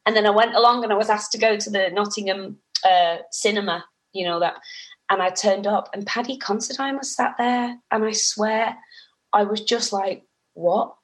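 Chatty animated woman. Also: mid-range voice, moderate pace. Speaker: actress guest. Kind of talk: casual interview storytelling.

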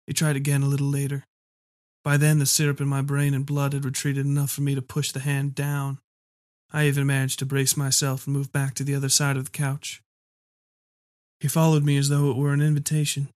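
A man narrating a first-person story in a measured, dark storytelling manner. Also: medium pitch, completely flat delivery, no echo, clean studio sound. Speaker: audiobook reader.

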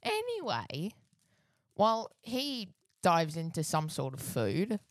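A man's voice: high voice, huge pitch swings, slow, dry recording. A man, co-hosting a casual podcast, with a dry and laid-back delivery. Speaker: podcast co-host.

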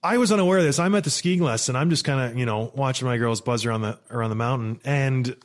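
A man in his thirties telling a story in a casual, animated, exasperated monologue. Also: mid-range voice, quick pace. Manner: animated, exasperated, rambling with restarts. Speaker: vlogger.

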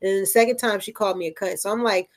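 A woman telling a story in casual chat, animated and profane, often checking in with "right?". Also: mid-range voice, racing.

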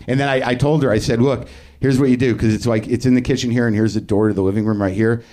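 A man's voice: mid-range voice, steady tone, racing, warm tone. A man hosting a live comedy podcast, rambling through a profane, self-deprecating monologue on stage. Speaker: podcast host. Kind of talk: live stand-up-style monologue.

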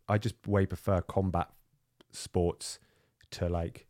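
A man in his thirties co-hosting a casual chat, telling animated stories and acting out what people said. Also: deep voice, slow pace, no echo, clean studio sound. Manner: animated storyteller, acts out quoted voices. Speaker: podcast co-host.

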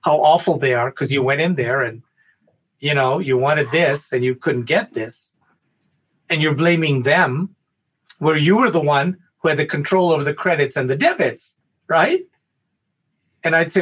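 A man talking on a podcast, telling a spiritual parable in an animated way, stumbling over many restarts. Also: on the high side, normal speed, long pauses, slightly rough. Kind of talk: spiritual talk and storytelling.

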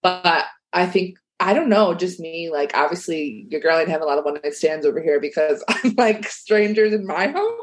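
A woman's voice: low voice, fairly quick, hardly any pauses. A woman guesting on a podcast, chatting casually with lots of fillers and giggles. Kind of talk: casual chat.

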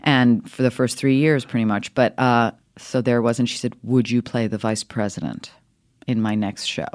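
A middle-aged woman, an actress, telling animated stories in an interview, her voice leaping up with laughter and acted-out lines. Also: moderate pace. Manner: lively, swings high with laughter and voices. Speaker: actress guest.

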